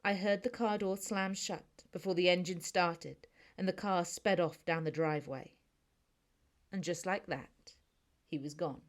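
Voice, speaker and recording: A woman with a British accent narrating a first-person audiobook in a chatty, snarky, conversational manner. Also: fairly low pitch.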